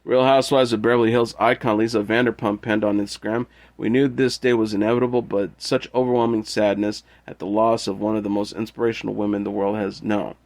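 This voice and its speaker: A man hosting an entertainment news show, reading out tributes in a steady, measured way. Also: on the low side. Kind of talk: reading news and quotes aloud.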